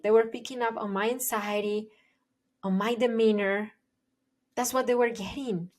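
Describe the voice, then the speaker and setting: A woman working as a parenting educator, explaining her ideas to the camera in an earnest, emphatic way and repeating her key points. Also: mid-range voice. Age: adult, parent of young children.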